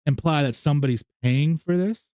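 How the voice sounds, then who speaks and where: A man co-hosting a podcast in casual chat, halting and repeating himself as he argues his point. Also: a little high, warm tone, no room sound, studio quality. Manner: halting, repeats words, argumentative. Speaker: podcast co-host.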